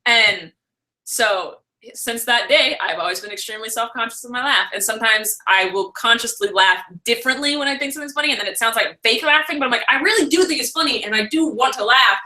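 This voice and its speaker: A young woman vlogger chatting and ranting on a live stream, animated and laughing often. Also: on the high side, fast.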